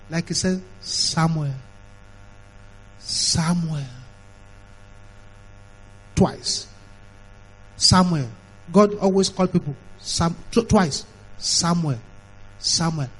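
A man's voice: high-pitched, breathy edge, poor audio. A middle-aged man, preaching an emphatic sermon that is full of repetition and mimicked voices.

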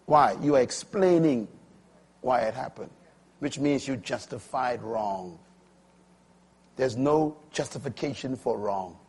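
A man in his sixties preaching a sermon, swinging from quiet, intimate lines to loud, emphatic ones. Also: mid-range voice, slow pace, long pauses, slightly rough. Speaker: pastor.

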